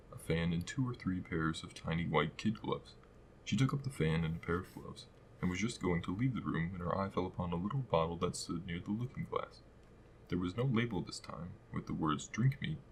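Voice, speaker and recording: Male audiobook narrator, very deep, measured, storybook reading. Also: slight background noise, low-quality recording. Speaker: audiobook reader.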